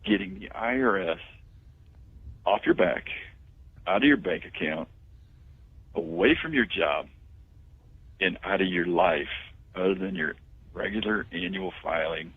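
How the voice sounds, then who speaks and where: A man, a tax firm owner, pitching his services confidently as a guest phoning into a radio talk show. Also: expressive, a little slow, pauses often, breathy edge, no room sound. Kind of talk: radio phone-in interview. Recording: tinny phone line.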